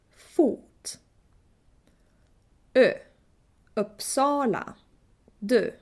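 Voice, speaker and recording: A woman giving a language lesson, slowly and carefully demonstrating pronunciation; Swedish is not her first language. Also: medium pitch, a little mellow. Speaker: folk music teacher.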